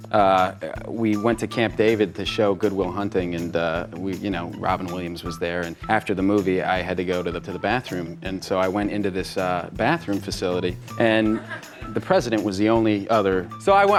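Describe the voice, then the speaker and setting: A man telling animated stories on talk shows, laughing through his punchlines. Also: low voice, a little fast. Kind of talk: anecdotal talk-show storytelling. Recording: talk-show clips with music underneath.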